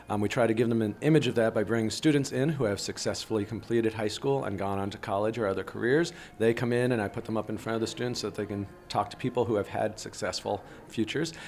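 Low-voiced man, steady teacher. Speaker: high school teacher guest. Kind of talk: interview answers.

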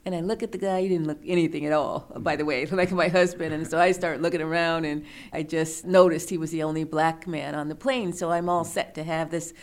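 A middle-aged woman, an author and researcher, answering interview questions in a thoughtful, measured storytelling manner. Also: deep voice, fairly even intonation.

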